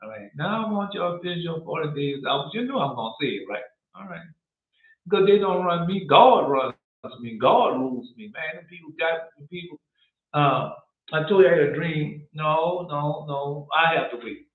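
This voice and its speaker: Guy preaching loose and chatty, kinda high voice, tinny phone sound in an echoey room. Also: expressive, moderate pace. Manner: conversational, repetitive, addresses listeners as y'all and bro. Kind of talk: informal sermon.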